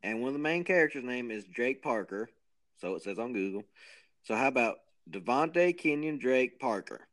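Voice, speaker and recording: A man's voice: medium pitch, animated, normal speed, a bit bright. A man co-hosting a podcast, rambling and joking in a self-mocking way. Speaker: podcast co-host. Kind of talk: casual chat.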